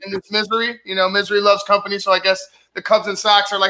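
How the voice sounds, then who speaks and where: A man's voice: sits high, monotone, fast talker, hardly any pauses, pushed and bright, slight background noise, poor audio. A man, the show's producer, chatting casually and loosely with plenty of fillers. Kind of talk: casual chat.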